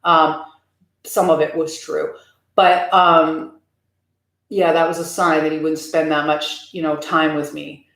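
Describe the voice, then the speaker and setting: A woman's voice: low-pitched, level tone, slow, creaky, a bit bright. A woman live streaming casually, talking candidly and answering viewer comments from a room at home. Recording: roomy echo.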